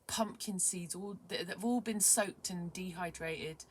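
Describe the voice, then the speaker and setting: Young woman, low-pitched, chatty and rambling, excitable, slips into whispers, faint room ambience. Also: unhurried, a little hiss or hum. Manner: excitable, rambling, many fillers, drops to whispers. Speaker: vlogger. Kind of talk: casual vlog chat.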